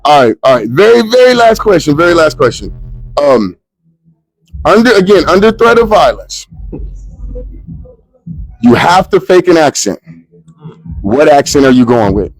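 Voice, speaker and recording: A man with a New York accent runs a loose backstage interview at a live show. He is excitable and playful and swears freely, with a voice pitched slightly higher than most men's. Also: normal speed, pauses often, low-quality recording.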